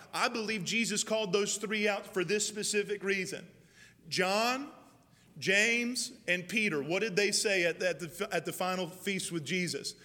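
Bright-voiced man preaching in a hall. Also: high-pitched. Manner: preaching, swings from loud calls to hushed prayer voice. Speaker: pastor. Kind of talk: sermon. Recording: long reverb of a large hall.

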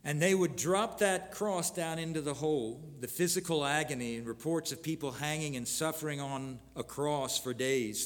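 A man preaching a sermon, earnestly reading scripture aloud with pauses and restarts. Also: mid-range voice, big-room sound. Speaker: pastor.

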